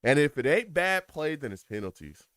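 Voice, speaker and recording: With a New York accent, this live reaction streamer comments casually on a football game, animated and quick to laugh, reading chat messages out loud. His pitch is fairly high and his pace moderate, in studio-quality audio free of room sound.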